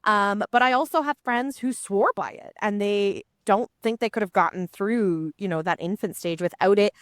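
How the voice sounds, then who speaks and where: A woman's voice: medium pitch, moderate pace, no room sound. A woman with a mid-range voice hosts a podcast and talks in a reassuring, easygoing way. The recording is close and dry. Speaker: podcast host. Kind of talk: casual podcast interview.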